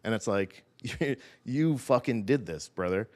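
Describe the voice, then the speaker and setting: A man's voice: fairly low pitch, lively intonation, measured pace, darkish tone. A man co-hosting a podcast in casual chat. He talks in a heated, rambling way and swears a lot. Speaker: podcast co-host.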